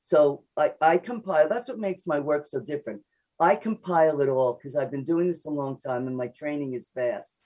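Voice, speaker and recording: An older woman, a psychoanalyst guest on a radio interview, talking fast and chatty and laughing at herself. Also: low voice, mellow. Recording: dull lo-fi radio audio.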